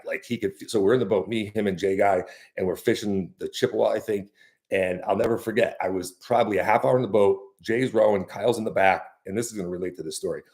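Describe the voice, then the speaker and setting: A young man with a slightly low voice tells a fishing story in a loose, casual monologue. He rambles, doubles back on his words and leans on fillers as he goes. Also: a little mellow. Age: young adult. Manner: rambling, with many fillers and restarts. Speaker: fishing guide.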